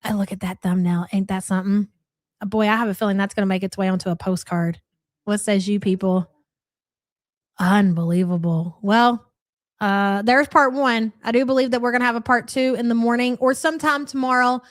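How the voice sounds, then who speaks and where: A woman's voice: mid-range voice, steady tone, fairly quick, no room sound, studio quality. Sarcastic woman hosting a live reaction stream. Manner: mocking, sarcastic, laughs often. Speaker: reaction channel host.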